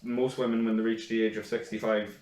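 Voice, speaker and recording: A man's voice: fairly low pitch, level tone, fairly quick, darkish tone, roomy sound, recorded from a distance. A man bantering and cracking jokes in casual chat, swearing freely. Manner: jokey, profane banter.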